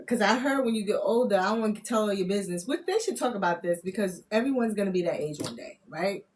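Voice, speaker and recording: A woman reading spiritual messages on a live stream, loud and playful, laughing often as she teases her viewers. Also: medium pitch, expressive, fast talker. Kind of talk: casual live-stream chat.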